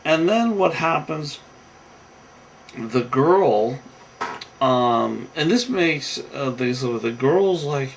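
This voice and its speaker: A weary man talks through a show recap in a loose, rambling way, stumbling over fillers and restarting his sentences. His voice sits at an ordinary pitch for a man. A faint hum of room ambience sits behind him. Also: lively intonation, drawn-out words, long pauses, poor audio. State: tired. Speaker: show commentator.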